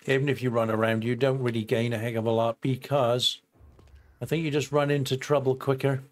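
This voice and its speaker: A man's voice: mid-range voice, level tone, a little fast. An older man giving casual let's-play commentary, chatting and thinking aloud to his viewers as he plays. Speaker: gameplay host.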